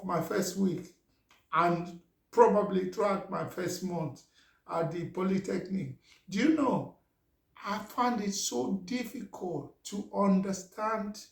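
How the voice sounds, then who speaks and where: This middle-aged Nigerian vlogger, a Yoruba speaker, has a fairly high voice with some vocal fry. He tells a casual story in a chatty manner, often checking in with "you understand?". The recording has a roomy echo.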